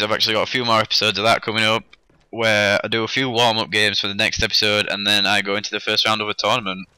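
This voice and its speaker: Bright-voiced young man telling a story. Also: lowish voice, clear, resonant tone. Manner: chatty, rambling, self-deprecating humour. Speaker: gaming YouTuber. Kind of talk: casual vlog storytelling over game footage.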